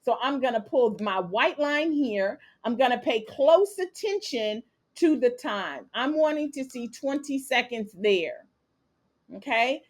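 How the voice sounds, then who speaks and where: Brisk woman teaching a live trading class. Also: a little high, lively intonation. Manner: brisk, checks in with "okay?" and "capiche?". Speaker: trading instructor.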